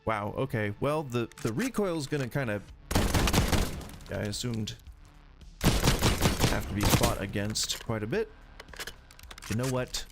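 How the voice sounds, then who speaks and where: A man's voice: mid-range voice, slow pace, pauses often, very noisy. A man streaming a shooter game, chatting casually and rambling in a jokey, self-interrupting way. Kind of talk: casual gameplay commentary.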